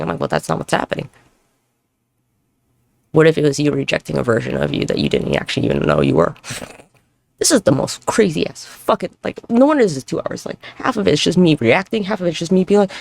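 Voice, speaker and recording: A woman's voice: on the low side, creaky, darkish tone, dry recording. A woman in her thirties hosting a solo podcast, rambling and swearing as she reflects and jumps between topics while moving around at home. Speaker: podcast host. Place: at home with neighbors nearby.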